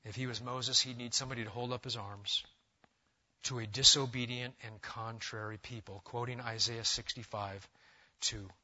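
A man preaching an expository sermon as a pastor, swinging between loud urging and quiet intensity. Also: mid-range voice, fairly even intonation, normal speed, dull audio.

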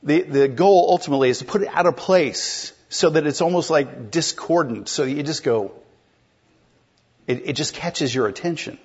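A man's voice: medium pitch, slightly rough, dull audio. A man preaching an expository sermon in a conversational way, explaining a text and putting questions to the congregation. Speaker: pastor.

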